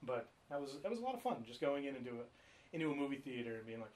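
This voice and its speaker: A man's voice: mid-range voice, sing-song, quick pace, background noise. Rambling, swearing podcast co-host man. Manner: rambling storyteller, swears freely. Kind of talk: casual chat.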